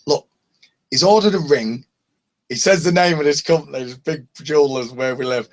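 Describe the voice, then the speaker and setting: A man with a Northern English accent telling lively anecdotes in a casual open mic video call, laughing and swearing freely. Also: fairly high pitch, normal speed. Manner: animated storyteller, laughs often, swears. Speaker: open mic hangout participant.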